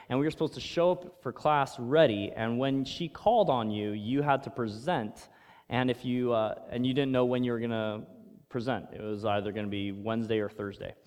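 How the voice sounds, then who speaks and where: Storytelling pastor in a reverberant hall. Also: male voice, medium pitch, smooth. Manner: storytelling, swings from loud emphasis to hushed. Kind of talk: sermon.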